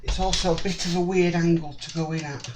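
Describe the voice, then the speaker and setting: A man narrating a hands-on model-kit build, slow and apologetic, muttering as he works. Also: fairly high pitch, steady tone, noisy background.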